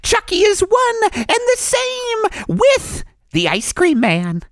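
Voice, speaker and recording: A man's voice: wildly swooping pitch, takes it slowly, gravelly, dry recording, studio quality, heavily acted. A man voicing a cheery, murderous male frame-store owner in a comedic radio ad parody, chirping in a sing-song sales voice. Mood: manic. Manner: chirpy sing-song shop pitch turning to shrieked threats.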